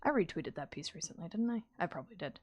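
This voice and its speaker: Woman streamer, casual chat while drawing, chatty, animated, quick to laugh. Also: fairly low pitch, muffled recording. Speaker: artist streamer.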